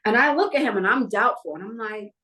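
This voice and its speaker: A woman's voice: fairly high pitch, quick pace. Middle-aged woman telling stories from life. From New York. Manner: animated, acts out the people in her stories. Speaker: guest, talent manager. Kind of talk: personal storytelling in a casual interview.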